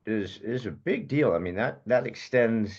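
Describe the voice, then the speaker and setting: A man's voice: lowish voice, expressive, moderate pace, a little mellow, dull audio. A man hosting a podcast interview, chatting casually and telling stories with jokey asides. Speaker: podcast host.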